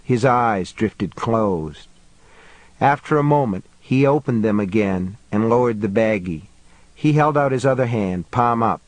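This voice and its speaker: A man narrating an audiobook in a measured, steady storytelling manner. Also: on the low side, no room sound, poor audio. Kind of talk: scripted narration.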